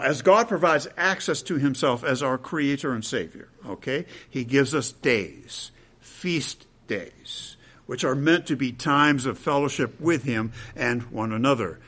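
A man's voice: on the high side, bright, forceful tone. A man preaching a sermon in a conversational way, dropping asides and checking in with his listeners.

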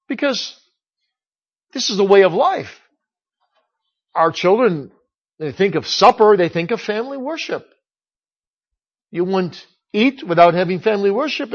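A middle-aged man preaching a sermon from a church pulpit, emphatic, slowing down to stress the scripture he quotes. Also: sits high, breathy edge. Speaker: pastor. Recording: dull lo-fi recording.

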